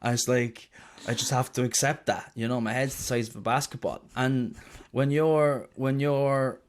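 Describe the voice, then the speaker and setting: A man's voice: mid-range voice, steady tone, moderate pace. A young Irish man, a guest singer, chatting in an interview and telling stories with a loose, self-mocking way of talking. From Ireland. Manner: chatty storyteller, swears and jokes about himself. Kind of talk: casual interview chat.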